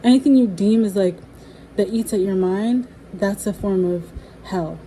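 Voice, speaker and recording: A young woman in a casual, rambling monologue, speaking candidly with frequent swearing and laughter, a little low on energy. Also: a little slow, mellow, slight background noise, poor audio. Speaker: spiritual vlogger and musician.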